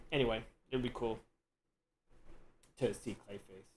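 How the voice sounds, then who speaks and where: A man hosting a live stream and chatting casually, relaxed and rambling, with lots of "you know" and "dude". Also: mid-range voice, measured pace, creaky, slight background noise, rough recording. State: yawning, tired. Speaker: host.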